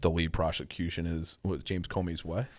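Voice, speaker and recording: A man's voice: deep voice, little pitch movement, normal speed. A man talking casually as a podcast co-host, rambling and swearing, with many fillers. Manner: rambling, profane, filler-heavy. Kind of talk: casual chat.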